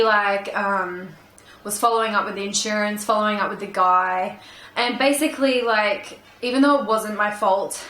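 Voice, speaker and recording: Chatty young woman, bright voice. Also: mid-range voice, reverberant, a little hiss or hum. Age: young adult. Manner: chatty, frequent "like" and "um" fillers. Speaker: vlogger. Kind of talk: casual storytime monologue.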